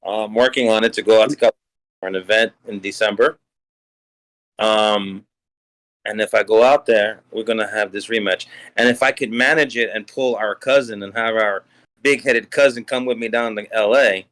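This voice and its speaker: A man's voice: lowish voice, fairly even intonation, moderate pace, a bit bright, poor audio. A man chatting on a podcast, telling jokes and stories casually.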